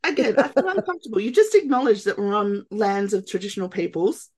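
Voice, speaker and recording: A young Australian woman hosting a casual political podcast, laughing often and reading quotes in a flat, mocking voice. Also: medium pitch, fast, husky. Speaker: podcast host.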